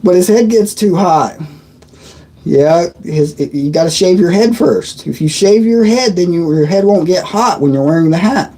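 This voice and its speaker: A man chats loosely through a live stream, laughing easily and tripping over his words now and then. His voice sits a little high and sounds mellow. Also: expressive, moderate pace, poor audio. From Indiana, USA. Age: 30s. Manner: chatty and joking, laughs often, stumbles and restarts. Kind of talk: casual live-stream chat reading comments.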